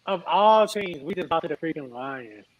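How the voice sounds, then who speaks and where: A man's voice: fairly high pitch, animated, moderate pace, crowd noise. A man co-hosting a casual sports podcast, talking hesitantly and stammering on his words. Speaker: podcast co-host. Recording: dull lo-fi sound.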